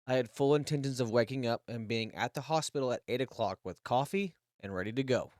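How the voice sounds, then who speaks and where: A man in his thirties tells a rambling story on a podcast, with frequent swearing and false starts. His voice sits at an ordinary middle pitch. The sound is dry and close, with no room echo. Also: brisk, darkish tone. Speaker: podcast co-host. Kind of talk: casual storytelling.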